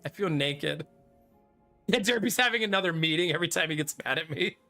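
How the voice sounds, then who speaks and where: A man's voice: on the high side, lively intonation, fairly quick, pushed and bright. A man in his thirties chatting casually with his live-stream chat while playing a card game, laughing often. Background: faint game music.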